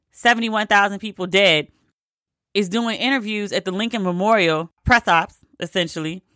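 A woman's voice: mid-range voice, bright, forceful tone, no echo, studio quality. A woman ranting in a casual, profane, exasperated way, hammering her points with emphatic repetition. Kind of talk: opinionated casual rant.

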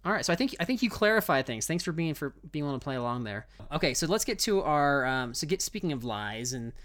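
Middle-aged guy hosting a chatty podcast, kinda high voice, teasing, trips over his words. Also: sing-song, quick pace, fairly bright tone. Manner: teasing, restarts often. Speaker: podcast host. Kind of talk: casual podcast chat.

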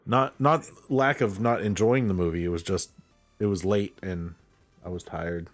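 A man's voice: low voice, moderate pace, soft background music. A man in casual podcast chat, rambling and trailing off as he tells a story.

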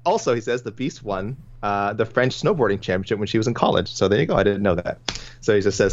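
A man's voice: fairly low pitch, lively intonation, moderate pace. Chuckling man on a lo-fi podcast. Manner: chatty, chuckling, many restarts. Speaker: podcast co-host reading listener picks. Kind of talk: casual sports podcast chat. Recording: dull lo-fi audio.

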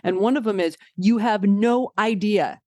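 A woman therapist chatting casually on a podcast, animated, acting out inner voices as she explains. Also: mid-range voice, moderate pace, dry recording, studio quality. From California. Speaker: therapist guest.

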